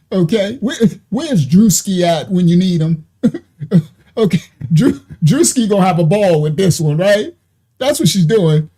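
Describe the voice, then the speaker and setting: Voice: medium pitch, expressive, a little slow, warm tone. A commentator doing a livestream reaction to a video, mocking and laughing often, trailing off and restarting.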